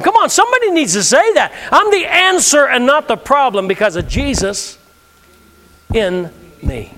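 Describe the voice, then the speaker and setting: A man's voice: very high-pitched, big pitch swings, moderate pace, bright, forceful tone. A male pastor preaching a sermon, leading the congregation in call-and-response with emphatic delivery. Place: church sanctuary.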